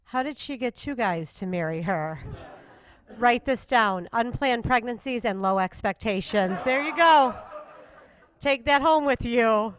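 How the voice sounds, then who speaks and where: A woman's voice: sits high, a bit bright, a little hiss or hum. A woman headlining a comedy show with dry, sardonic stand-up on stage. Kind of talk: stand-up set.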